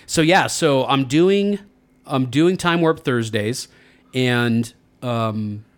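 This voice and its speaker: A man's voice: medium pitch, slow. Laid-back male radio host telling stories. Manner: rambling storyteller, laughs often. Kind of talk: casual chat.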